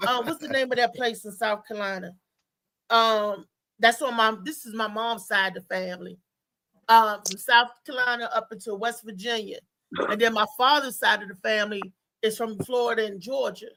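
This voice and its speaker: A woman's voice: fairly high pitch, normal speed, a little hiss or hum. A woman hosting a live talk show, chatting casually and telling rambling stories with a lot of laughter. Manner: animated rambling storyteller, laughs often.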